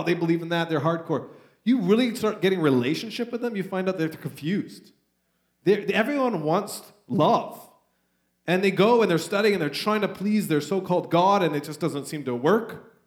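A man with a Canadian accent preaching a sermon in a church, animated and conversational as he reads and retells scripture. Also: high-pitched. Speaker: pastor. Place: church sanctuary. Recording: roomy church echo.

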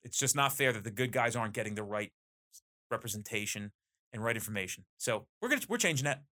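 A man's voice: mid-range voice, fast. A man who runs police training, talking in a casual, enthusiastic podcast conversation. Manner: animated, enthusiastic storyteller. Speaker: police training company owner.

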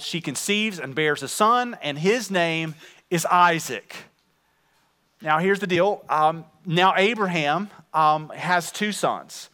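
A man preaching a sermon in a church, animated and conversational as he speaks straight to his congregation. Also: sits high. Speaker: pastor.

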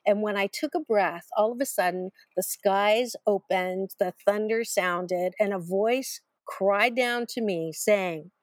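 A woman's voice: medium pitch, slow, hardly any pauses, no echo. A middle-aged woman telling her personal story as an author in an interview, emphatic and repetitive, with self-deprecating humor. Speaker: author and guest.

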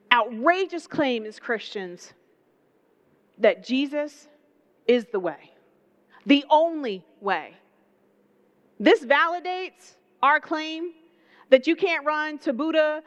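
Southern woman preacher, high-pitched, lively and chatty in the pulpit, muffled recording. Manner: animated, conversational preaching with playful asides. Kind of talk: sermon. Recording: dull lo-fi sound.

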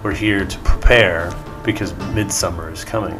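A man's voice: sits low, normal speed, over music, natural voice. A man voicing a flamboyant, flowery gnome bard. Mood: courteous. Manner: effusive, apologetic, flowery courtesy. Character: flamboyant male gnome bard, theatrical and flattering.

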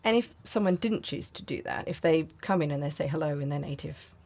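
A woman hosting an interview, asking friendly questions and giving quick affirmations. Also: low-pitched, gravelly, darkish tone. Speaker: interview host. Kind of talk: interview conversation.

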